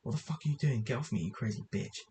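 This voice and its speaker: A man's voice: medium pitch, animated, rapid-fire, warm tone, slight background noise, close to an everyday voice. A man reading the lines of a defensive, snarling man caught out and lashing back, in a storybook reading. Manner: snarling, dismissive.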